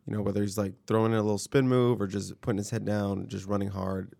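A man co-hosting a sports podcast with a worn-out, hoarse voice and a flat, low-energy delivery. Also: quick pace. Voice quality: gravelly. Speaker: podcast co-host. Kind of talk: casual sports chat.

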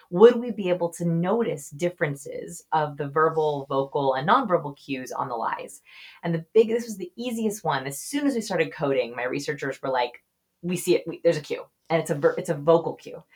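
A young adult woman, a guest researcher on a podcast, explaining quickly and expressively and acting out example voices. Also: sits low, slightly rough. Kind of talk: podcast interview.

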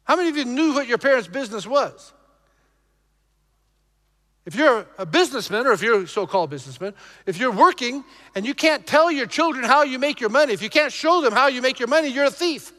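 A male pastor preaching emphatically to his congregation, shifting between loud exhortation and low, intense passages. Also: expressive, a little fast, in a large hall. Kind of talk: preaching a sermon.

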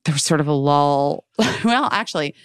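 A woman's voice: sits low, normal speed, clear, resonant tone, no echo, studio quality. A woman co-hosting a podcast, telling a story in casual chat. She acts out her friends' lines, swears freely and fills her talk with "like". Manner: animated storyteller acting out quoted friends, lots of swearing and "like". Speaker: podcast co-host.

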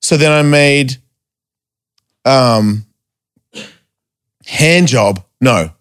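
This man speaks very slowly in a clear, resonant, mid-range voice while swapping stories on a casual podcast. He swears plenty and acts out quoted lines loudly and animatedly.

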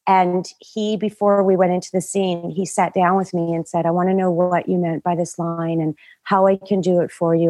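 A middle-aged woman with a slightly low voice tells behind-the-scenes stories in a relaxed chat. She slips into other people's voices for quotes. The sound is dry and close. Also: normal speed, hardly any pauses, no echo. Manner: animated storyteller, acts out quotes. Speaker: guest, writer and actor. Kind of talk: casual podcast chat, storytelling.

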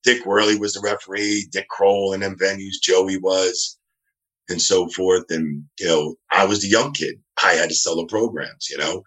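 A man's voice: low voice, steady tone, normal speed, a bit bright. A man, a referee telling rambling anecdotes from home over a video call and acting out the voices of the people he quotes. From New Jersey, USA. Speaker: wrestling referee, guest. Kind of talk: casual interview storytelling. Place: his home.

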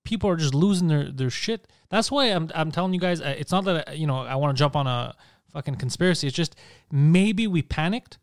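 Comedian, male, rapid and high-pitched, profane and animated. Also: dry recording, studio quality. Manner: profane, animated, laughing often. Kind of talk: casual podcast chat.

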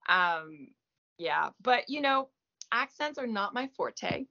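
With a fairly high, gravelly voice that's pushed and bright, she speaks slowly with big swings in pitch, and the audio is dull. This native French speaker in her thirties from Gaspé, eastern Quebec, has a light French Canadian accent. An actress guest, she chats casually and self-deprecatingly with frequent fillers.

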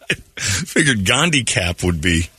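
A man hosting a morning radio show, bantering casually with wry, deadpan jokes from a studio mic. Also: on the low side, slow, slightly rough, no echo. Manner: wry, deadpan joking with frequent laughs.

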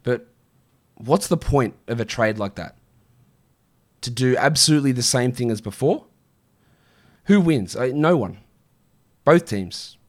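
A man's voice: medium pitch, expressive, unhurried, pauses often. A man hosting a casual live-stream show, answering viewer questions in a chatty, offhand way. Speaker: fantasy basketball show host.

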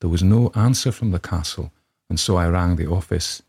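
A brooding Scottish man tells his ghost tale in a low, husky voice, as a man puts the accent on. He reads in a measured, grave storybook manner. The breathy edge to his tone adds weight to every sentence. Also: a little mellow, heavily acted. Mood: sombre. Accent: put-on Scottish. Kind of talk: dramatic reading of a ghost story.

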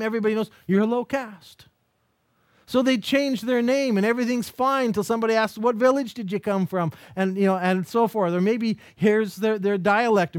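High-voiced man lecturing on faith. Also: no room sound, clean studio sound. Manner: anecdotal, acts out quoted dialogue while storytelling; conversational, with frequent rhetorical questions. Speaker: lecturer teaching a mission course. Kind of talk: recorded Christian lecture.

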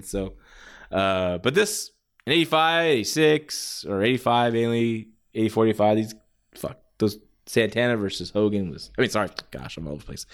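Male, casual monologue, rambling and animated, mid-range pitch, slips into shouted impressions. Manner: rambling, animated, acts out quotes in a raised shouty voice. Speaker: wrestling fan commentator. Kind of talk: casual podcast-style monologue.

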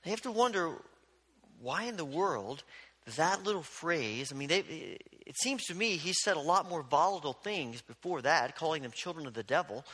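A man preaches in a high, ringing voice with a bright, forceful edge. He tells the scripture as a story and acts out the voices of the people in it. His words carry a long echo through a large sanctuary. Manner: storytelling preacher who acts out quoted exchanges. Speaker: pastor. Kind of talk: sermon.

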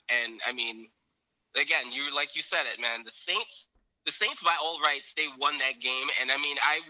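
A man co-hosting a casual sports talk show, retelling a game in a rambling, animated way full of fillers. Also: mid-range voice, dry recording, rough recording. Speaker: sports podcast co-host.

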